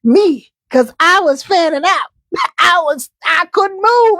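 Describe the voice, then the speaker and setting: A woman hosting a live chat in a high voice, chatty and emphatic, often repeating a point twice. The sound is dry, with no room echo around her. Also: animated, slow, fairly bright tone. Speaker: host.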